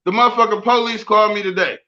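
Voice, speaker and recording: A man hosting a podcast, talking casually and profanely, breaking into loud, ranting bits. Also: high voice, fairly even intonation, fast, highs cut off. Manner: profane, boisterous, swings into loud rants. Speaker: podcast host. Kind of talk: casual chat.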